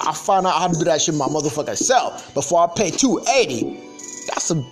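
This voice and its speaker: Brief: male podcast host, loose profane rant, faint music underneath. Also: fairly quick. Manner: profane, animated storytelling, mimics others in a higher voice. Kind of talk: casual ranting monologue.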